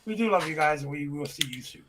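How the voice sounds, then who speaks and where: Male co-host, fairly high voice, direct and plain-spoken, casual. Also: animated, quick pace, fairly bright tone. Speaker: reaction channel co-host. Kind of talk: casual heartfelt talk.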